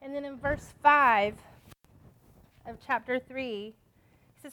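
A woman leads a Bible lesson, reading scripture and then unpacking it in an emphatic, conversational way. Her voice is bright and sits somewhat high. She stumbles and restarts now and then as she explains. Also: unhurried, pauses often, slight background noise. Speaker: Bible study teacher.

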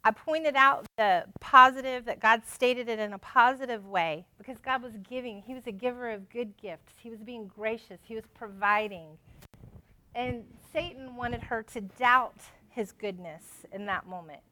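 A woman leads a Bible lesson, reading scripture and then unpacking it in an emphatic, conversational way. Her voice is bright and sits somewhat high. She stumbles and restarts now and then as she explains. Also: normal speed. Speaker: Bible study teacher.

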